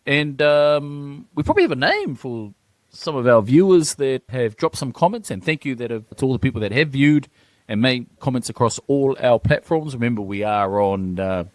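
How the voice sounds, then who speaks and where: Hyped New man co-host, bouncing pitch, dry close mic. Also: very animated, normal speed, dry recording. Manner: hyped, keeps saying "talk to me". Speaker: podcast co-host. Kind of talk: casual sports chat.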